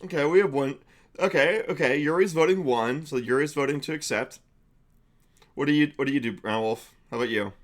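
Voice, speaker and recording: A man's voice: fairly high pitch, fairly quick. A young man narrating a tabletop game for a live-stream chat, chatty with frequent fillers and laughs.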